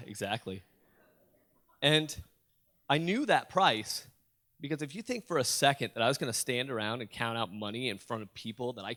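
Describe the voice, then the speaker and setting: A man speaking onstage at a school assembly, in a storytelling keynote. He is animated, asks the crowd questions and jokes with them. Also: on the low side. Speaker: motivational youth speaker. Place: school auditorium.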